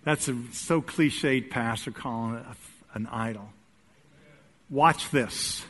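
A male pastor preaching a sermon in a church, swinging between loud urging and quiet asides. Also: mid-range voice, slow. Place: church sanctuary. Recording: echoey hall.

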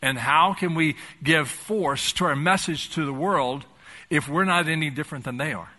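An older man preaching a sermon as pastor, asking rhetorical questions and swinging between loud and soft. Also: a little high, normal speed.

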